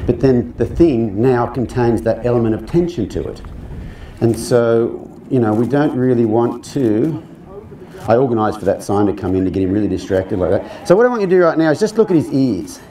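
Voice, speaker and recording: A man's voice: mid-range voice, expressive, a little fast, warm tone. A male horse trainer giving a live clinic talk, conversational and joking, often putting questions to the audience.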